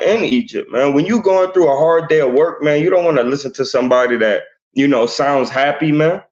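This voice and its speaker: A man reading scripture verses slowly and then explaining them in casual street talk, teaching a group. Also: fairly high pitch, a little mellow. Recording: roomy, dull lo-fi sound.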